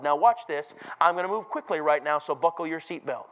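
A man with a high voice preaching a sermon from scripture. He talks emphatically and climbs to loud, ringing declarations. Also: brisk, few pauses, rough recording.

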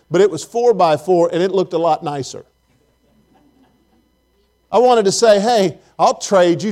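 A man's voice: sits high, a little mellow. A man preaching a sermon in church, telling folksy stories and asking the congregation questions. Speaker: pastor.

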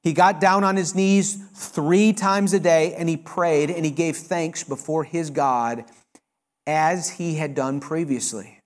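A male pastor preaching a sermon, reading scripture aloud with expressive emphasis and breaking into explanatory asides. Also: fairly high pitch, takes it slowly.

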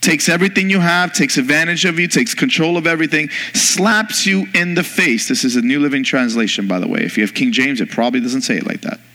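A man preaching a sermon to his church as pastor, emphatic and rising in pitch as he presses his points. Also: quick pace, hardly any pauses, bright, forceful tone. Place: church sanctuary. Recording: long reverb of a large hall.

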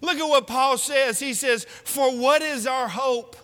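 A man's voice: extremely high pitch, a little slow, pushed and bright. A man preaching a sermon, exhorting his congregation with rhetorical questions. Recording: long hall reverb.

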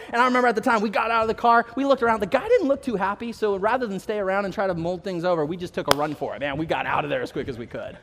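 A male pastor telling a personal story in a sermon, building to slow, emphatic declarations. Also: high voice. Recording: long hall reverb.

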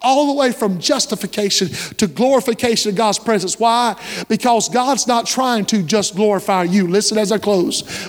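A man preaching a sermon as pastor, impassioned and rising to shouts, asking the congregation call-and-response questions. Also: sits high, normal speed, few pauses. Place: church sanctuary. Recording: long church-hall reverb.

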